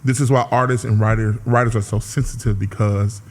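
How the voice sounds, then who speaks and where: Songwriter guy on a talk show, tells stories all animated, easy laugh. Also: fairly low pitch, brisk. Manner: animated storyteller, laughs easily. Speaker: singer-songwriter guest. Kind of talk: casual interview storytelling.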